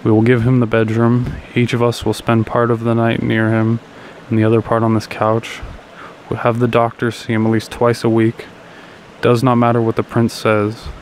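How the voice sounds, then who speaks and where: A man's voice: medium pitch, monotone, normal speed, a little hiss or hum, close to an everyday voice, poor audio. A man reading a frightened old husband. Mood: excited.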